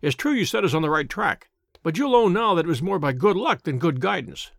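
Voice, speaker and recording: A husky, wheezing police inspector, stout and full of himself, booms his theories in an audiobook reading, as a man puts him on. His pitch leaps high and swings all over the place, with a gravelly edge. The sound is close and dry. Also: animated, fairly quick, no room sound, heavily acted. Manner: pompous, loud and boastful. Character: stout blustering middle-aged police inspector. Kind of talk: audiobook character voice.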